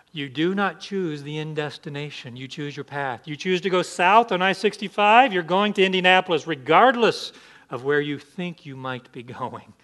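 A man's voice: a little high, moderate pace, a bit bright. A man pastor preaching an emphatic sermon, asking the congregation rhetorical questions.

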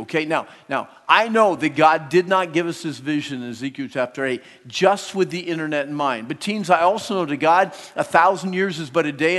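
A man preaching a sermon to teenagers, swinging between hushed, close talk and loud, animated stretches. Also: a little high. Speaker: youth speaker. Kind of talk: sermon to teens. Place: large hall. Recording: long hall reverb.

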